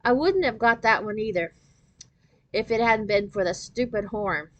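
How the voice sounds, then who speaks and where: A woman reading a children's novel aloud in an expressive storytelling voice. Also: on the high side, moderate pace, lo-fi sound.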